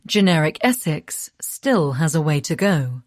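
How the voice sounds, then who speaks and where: A woman reading short news headlines in a slow, deliberate way for a news magazine. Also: low-pitched, sing-song, dry recording, clean studio sound.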